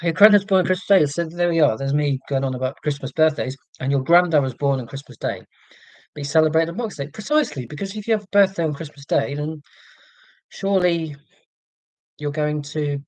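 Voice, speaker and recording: Chatty English man with crisp RP. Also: a little high, darkish tone, no echo, poor audio. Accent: English received pronunciation. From England. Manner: chatty, reads and answers live chat, many ums. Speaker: livestream host. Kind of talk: casual livestream chat with viewers. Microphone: computer mic.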